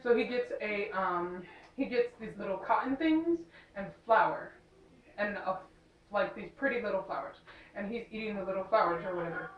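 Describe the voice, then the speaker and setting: A woman's voice: medium pitch, normal speed, reverberant, distant mic, highs cut off. A young woman casually recapping a movie, rambling with lots of fillers and sarcastic asides. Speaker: movie reviewer.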